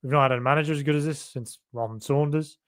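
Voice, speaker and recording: A man's voice: on the high side, fast. A man with a Birmingham accent hosting a casual live-stream podcast, chatting loosely and reading out viewer comments. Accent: Birmingham (Brummie). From Birmingham, England. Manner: chatty and rambling, with many fillers and asides. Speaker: podcast host.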